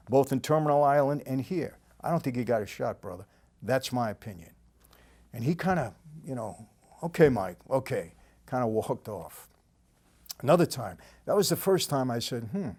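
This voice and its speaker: An older man with a New York accent telling a story in a casual, plain-spoken way, often trailing off quietly at the end of a sentence. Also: lively intonation, normal speed, husky. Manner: conversational, plain-spoken, drops to a low murmur at line ends. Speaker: storytelling host.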